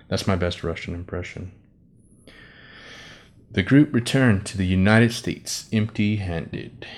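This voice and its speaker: A man's voice: deep voice, fairly even intonation, normal speed, slight background noise. A man hosting a casual commentary show, reading an article aloud, tripping over names, swearing and laughing at his own asides. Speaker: host.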